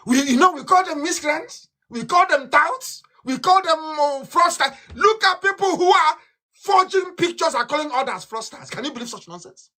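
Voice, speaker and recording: Fiery Nigerian man with a bright voice. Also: lively intonation, moderate pace. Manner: fiery, ranting, repeats himself, swings from loud outbursts to low mutters. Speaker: political broadcaster. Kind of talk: impassioned live broadcast speech.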